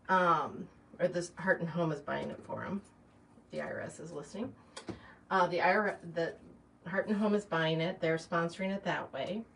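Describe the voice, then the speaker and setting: A woman's voice: lowish voice, fairly bright tone. Rambling, chatty middle-aged woman, distant mic. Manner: rambling, chatty storyteller with many fillers. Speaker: shop owner hosting a live chat. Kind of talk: casual chat while arranging flowers. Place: small shop or home workspace, indoors. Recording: distant mic, faint background noise.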